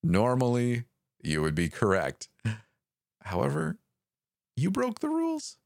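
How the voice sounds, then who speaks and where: A man voicing a creature calling over the radio, pleading at first and then taunting and menacing, with a raspy edge. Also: medium pitch, wildly swooping pitch, unhurried, a little mellow, dry recording, studio quality, voice pushed up, exaggerated voice.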